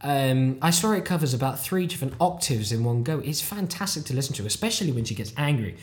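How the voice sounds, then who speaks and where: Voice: medium pitch, lively intonation, fast talker. A podcaster from the UK with a British accent, talking in a casual, rambling monologue that drifts off on tangents, pokes fun at themselves and swears casually. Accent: British English. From United Kingdom. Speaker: podcast host, language learner.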